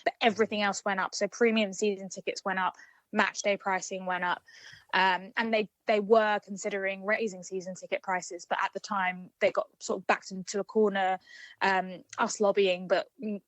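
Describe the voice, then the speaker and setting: A woman speaking for a supporters' group in a podcast interview, earnest and measured, with many ums and restarts. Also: medium pitch, little pitch movement, dry recording. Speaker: supporters' trust representative. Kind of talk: casual interview chat.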